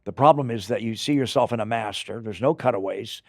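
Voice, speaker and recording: An older man, an actor being interviewed, telling rambling, animated stories in casual chat. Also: on the low side, fairly quick, no room sound, clean studio sound. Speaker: actor guest.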